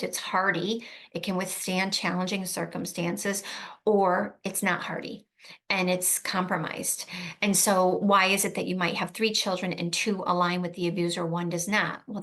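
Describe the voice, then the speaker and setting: A woman's voice: lowish voice, a bit bright. A woman coaching protective parents in an earnest, emphatic way. She often repeats key phrases and checks in with "right?". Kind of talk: advice talk to camera.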